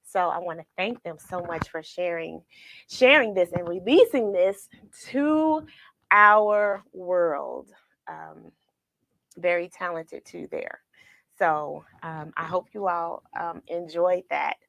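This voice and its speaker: A woman's voice: fairly low pitch, lively intonation, slow pace, creaky, fairly bright tone, dry recording. A woman hosting a children's read-along livestream, talking tenderly and emotionally to viewers she calls friends. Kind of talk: casual livestream chat after reading.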